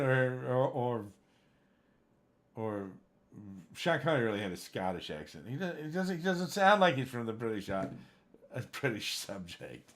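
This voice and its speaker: A man's voice: mid-range voice, sing-song, moderate pace, a bit bright. A man chatting casually on a game livestream, rambling, searching for names and getting worked up at times. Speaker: livestream gamer chatting with viewers. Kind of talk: casual chat.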